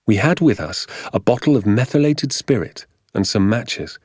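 Male audiobook narrator, very deep and lively, measured storytelling, dry close mic. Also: breathy edge, dry recording. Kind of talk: scripted narration.

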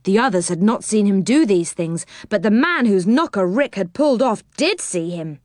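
A woman reading a children's storybook aloud, gentle and expressive. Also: mid-range voice, moderate pace, dry recording, studio quality.

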